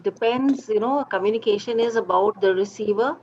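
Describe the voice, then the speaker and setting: A woman with an Indian English accent answering in an online workshop over a video call, meandering and trailing off softly. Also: medium pitch, fairly quick, a little hiss or hum. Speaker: workshop speaker. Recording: dull lo-fi call audio.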